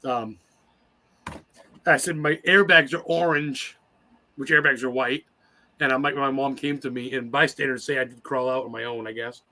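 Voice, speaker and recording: He's a podcast guest in his forties, sharing personal stories in a loose, cursing, emotional way during a casual interview. His mid-range voice sounds pushed and bright, with fairly even intonation, a moderate pace and long pauses.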